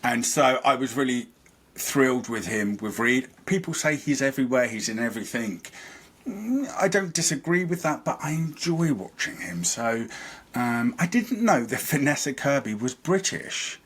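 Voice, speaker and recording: A man's voice: medium pitch, big pitch swings, moderate pace, a bit bright, slightly rough. A man, a podcast guest, chatting casually and rambling about things he is a fan of. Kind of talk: casual chat.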